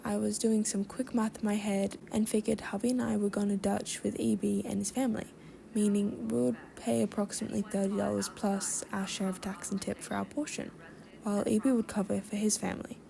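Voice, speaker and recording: Woman reading stories, gravelly dark voice. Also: mid-range voice, a little hiss or hum. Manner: even, conversational reading with brief asides. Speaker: story reader. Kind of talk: reading online stories aloud.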